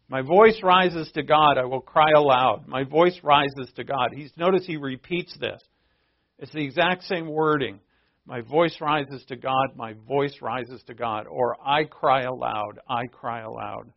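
A man delivers a sermon in a relaxed, conversational way, reading passages aloud and pushing up into emphatic bursts. His voice sits a little high and carries a gravelly edge. The recording sounds dull and lo-fi. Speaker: pastor.

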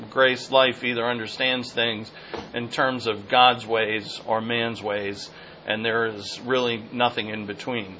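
A man teaching a Bible passage verse by verse in an earnest, repetitive way, sometimes pausing to search for a word. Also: medium pitch, bright, forceful tone. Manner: earnest, repetitive, searching for words mid-sentence. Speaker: pastor. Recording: dull lo-fi sound with faint noise.

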